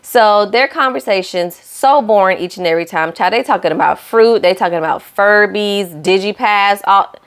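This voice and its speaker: A woman's voice: mid-range voice, normal speed, hardly any pauses, smooth. Sassy woman recapping reality TV. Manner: sassy, talks straight to viewers; acts out cast lines in shifting voices. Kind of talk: casual recap commentary.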